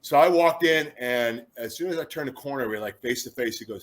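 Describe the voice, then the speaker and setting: A man in his fifties from Chicago, a former football player, telling lively anecdotes as an interview guest and acting out other people's words. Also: medium pitch, brisk, hardly any pauses. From Chicago, USA. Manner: animated storyteller who acts out quotes, with frequent restarts.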